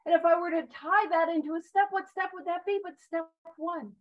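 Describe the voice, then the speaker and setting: Woman leading a recovery group chat, high voice, casual and earnest, sounds muffled. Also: fairly even intonation, fairly quick, recorded from a distance. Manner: earnest, conversational, self-deprecating with asides. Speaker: recovery speaker leading a big book study. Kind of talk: informal talk to a recovery group.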